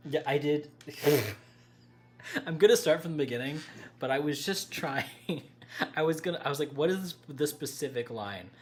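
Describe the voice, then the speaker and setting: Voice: mid-range voice, normal speed, long pauses, darkish tone, faint music behind. A livestream host chatting casually with viewers, rambling, breaking off mid-thought and laughing often.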